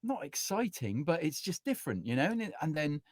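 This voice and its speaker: A man's voice: a little high, big pitch swings, fairly quick, dry recording. A man, a musician and music teacher, chatting casually as an interview guest, rambling with many fillers and acting out what people said. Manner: rambling, full of "you know", acts out quotes.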